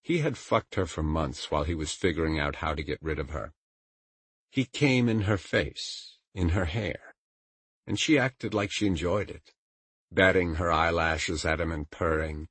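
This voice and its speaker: Male audiobook narrator, deep and husky, measured dramatic read. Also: fairly bright tone, no room sound. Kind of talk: scripted narration.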